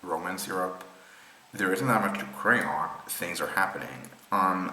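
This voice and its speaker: A man with a low yet bright, cutting voice talks through rail maps off the cuff. He pauses often with ums and restarts sentences as he thinks. The sound is roomy, with a faint hum of ambience behind him. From Israel. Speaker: presenter explaining rail maps. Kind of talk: unscripted screen-share explainer.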